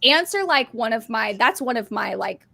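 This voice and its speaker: A woman chatting excitedly on a podcast, gushing and filling her talk with "like". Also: fairly high pitch, normal speed, vocal fry. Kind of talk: casual chat.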